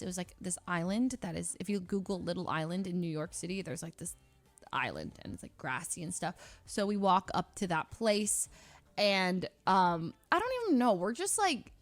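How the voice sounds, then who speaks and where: A woman's voice: medium pitch, a bit bright, no echo. A young woman streamer casually telling a story to her chat, rambling with many fillers and restarts and laughing often.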